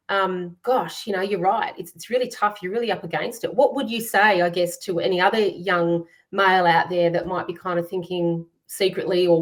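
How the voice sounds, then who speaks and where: A woman's voice: lowish voice, far from the mic. A woman hosting a livestream conversation, encouraging and reflective, with many fillers. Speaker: host.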